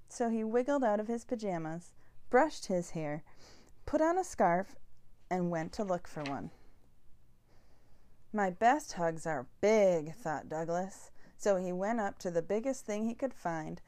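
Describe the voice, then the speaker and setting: Brief: woman storyteller for a picture book, lively rising and falling tune, slow bedtime delivery. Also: fairly low pitch. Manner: slow, expressive, sing-song reading. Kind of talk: reading a children's picture book aloud.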